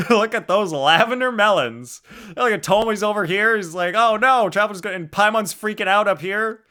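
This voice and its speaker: Young guy streamer, bright kinda high voice, goofing around w chat and cracking up. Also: normal speed. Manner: laughing, joking, animated, crude humor. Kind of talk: casual live stream chat, reading chat.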